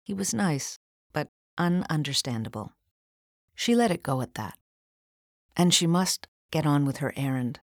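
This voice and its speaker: A woman narrating a classic novel in a measured, unhurried reading. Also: low-pitched, lively intonation, no echo, clean studio sound. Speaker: audiobook narrator. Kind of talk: storybook narration.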